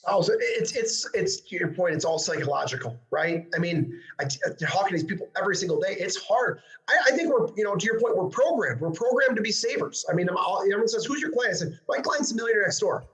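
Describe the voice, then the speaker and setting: A man hosting an interview show and working as a financial advisor, talking excitably and tossing in tag questions. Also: sits high, quick pace, low-quality recording.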